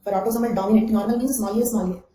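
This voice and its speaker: A woman's voice: mid-range voice, steady tone, very fast, mellow, echoey room, a little hiss or hum, low-quality recording. A woman giving an online exam-coaching lecture, repeating key phrases, checking with "okay?" and calling on students by name. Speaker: anthropology teacher.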